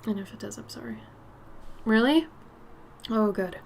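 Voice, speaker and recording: Raspy-voiced woman chatting while painting. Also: medium pitch, level tone, fast, slight background noise. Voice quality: raspy, smoky voice. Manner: chatty, drifts between topics, soft murmured asides. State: slightly stuffy nose. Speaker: streamer painting live. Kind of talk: casual chat while painting.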